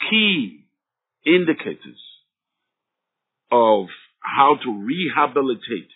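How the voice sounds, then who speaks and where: Male talk-radio host, husky, measured delivery, lo-fi broadcast sound. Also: mid-range voice. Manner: measured, takes callers.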